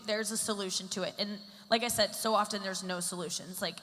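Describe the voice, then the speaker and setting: A woman's voice: medium pitch, a little fast, bright, forceful tone. A woman in her thirties doing a stand-up set on a stage mic, rambling and self-deprecating with lots of fillers. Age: 30s. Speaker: stand-up comedian. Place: comedy stage in a large hall. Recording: live venue with long hall reverb.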